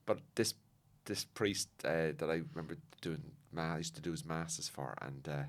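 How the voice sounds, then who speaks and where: A man's voice: extremely low pitch, normal speed. A man telling rambling, sweary anecdotes in a casual podcast chat. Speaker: comedian guest.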